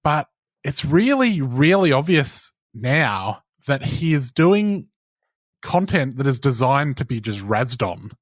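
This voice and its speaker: A man's voice: mid-range voice, big pitch swings, slow pace, no echo, clean studio sound. A young man, co-hosting a podcast in casual chat, telling stories in a wry, sardonic way. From Australia. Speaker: podcast co-host.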